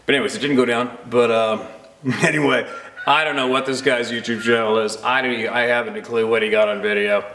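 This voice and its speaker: A man casually telling a personal story with animated energy, laughing often and acting out the voices of the people in it. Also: medium pitch, fairly quick, roomy sound. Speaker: storyteller recounting a personal encounter. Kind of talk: casual spoken anecdote.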